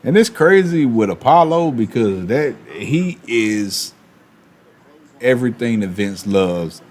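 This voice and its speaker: While opening cards on a stream, a man chats casually in a mid-range voice. He is animated, tossing in quick asides and laughter along the way.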